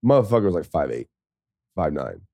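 A man's voice: low voice, big pitch swings, brisk, dark tone, no room sound. A man, a former pro football player, telling a story in a rambling, profane way and laughing often. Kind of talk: casual storytelling.

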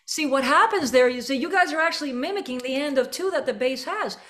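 An energetic woman leads a band rehearsal, breaking off to scat and sing the rhythms she wants. Her talk is lively coaching in a school rehearsal room. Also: high voice, fast talker. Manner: energetic, scats and sings rhythms to demonstrate. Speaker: band clinician. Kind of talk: rehearsal coaching with sung examples.

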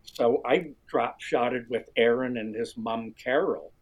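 A middle-aged man with a husky voice, telling a lively story as an interview guest, often restarting his sentences. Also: takes it slowly, low-quality recording. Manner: animated storyteller, restarts often, jumps high when quoting others. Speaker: guest, fishing writer. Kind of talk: storytelling conversation.

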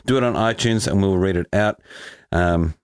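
A man's voice: low-pitched, normal speed, smooth, no echo, studio quality. A man co-hosting a podcast, chatting casually, swearing and joking often. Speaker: podcast co-host. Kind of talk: casual sports podcast banter.

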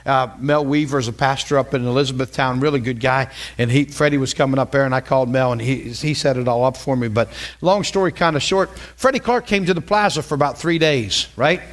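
A middle-aged pastor delivers a storytelling sermon in a conversational, animated style, repeating phrases for emphasis. His mid-range voice moves at a brisk clip.

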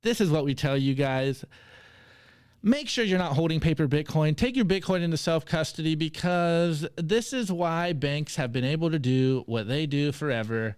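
A man co-hosting a casual podcast, upbeat as he reads out memes and gives shout-outs. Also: a little high, normal speed, smooth, no echo. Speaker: co-host presenting the meme segment.

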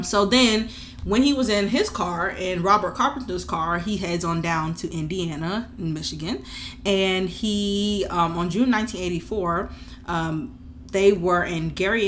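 A woman's voice: mid-range voice, fairly bright tone, a little hiss or hum. A woman co-hosting a true crime podcast, retelling a case in loose, slangy, casual chat and laughing often.

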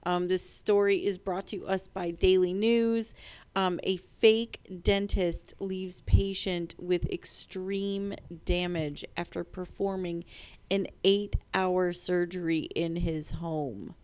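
A woman's voice: on the low side, takes it slowly, clear, resonant tone. A woman co-hosting a podcast, chatting casually and laughing while reading out odd news stories. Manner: giggly, animated, playful. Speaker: podcast co-host.

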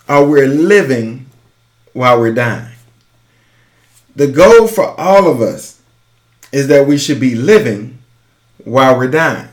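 A man's voice: medium pitch, reverberant. A man hosting a podcast, giving an urgent, emphatic motivational talk and repeating his key phrases. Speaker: podcast host and business coach.

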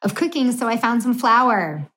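A woman co-hosting a casual podcast, giggly, reading a recipe aloud in a put-on low sultry voice. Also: expressive, moderate pace, fairly bright tone. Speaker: podcast co-host. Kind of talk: casual chat.

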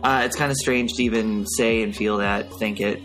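A man's voice: fairly low pitch, steady tone, normal speed, a bit bright, soft background music, rough recording. A young adult man with a nasal voice, co-hosting a casual academic podcast and talking in a rambling, hesitant way full of fillers. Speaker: podcast co-host.

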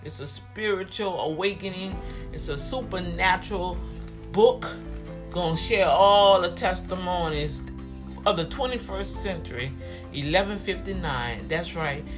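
A preacher delivering a fervent sermon, urging the congregation to respond and repeating phrases in bursts that swing between loud and soft. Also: mid-range voice, a little slow, over music. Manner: fervent, repetitive call-and-response, big swings in loudness.

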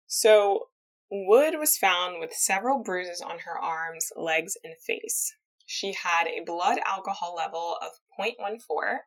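Woman podcast host, bright tone, chatty true-crime storyteller. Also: on the low side, poor audio. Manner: chatty, reads quotes aloud, laughs easily. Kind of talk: casual storytelling chat.

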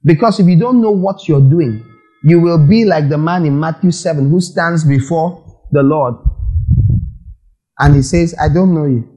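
Male pastor, lively preaching, mellow slightly high voice. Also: measured pace, long pauses, low-quality recording. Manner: lively preaching with questions and acted-out quotes. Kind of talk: sermon.

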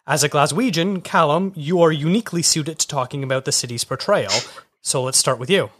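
A man hosting a film podcast, steering the discussion in a measured way with questions. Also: a little high, a bit bright. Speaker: podcast host.

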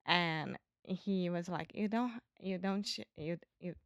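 A Brazilian woman, a native Portuguese speaker, telling a story in English with hesitant pauses and self-corrections. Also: lowish voice, clean tone, no room sound, highs cut off. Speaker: guest and English learner. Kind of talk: casual storytelling.

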